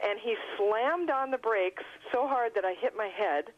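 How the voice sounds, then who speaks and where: A woman, an author guest on a radio interview, telling lively anecdotes and often laughing. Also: fairly high pitch, normal speed, muffled recording. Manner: animated storyteller, laughs often.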